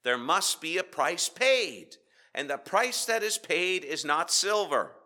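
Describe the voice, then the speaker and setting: A man preaching a sermon with rhetorical questions and dramatic pauses, swinging between loud emphasis and hushed asides. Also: fairly high pitch, very animated. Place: church.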